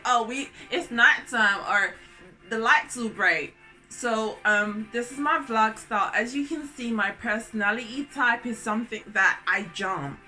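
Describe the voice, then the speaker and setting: A woman in her thirties vlogging casually to camera, excitable and goofy, jumping between topics and laughing often. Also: a little high. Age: 30s.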